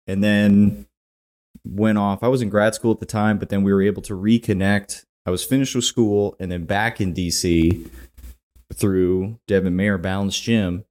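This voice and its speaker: A man's voice: lowish voice, steady tone, moderate pace, a little mellow. A man hosting a podcast, talking in an easygoing, casual way. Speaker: podcast host. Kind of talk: casual chat.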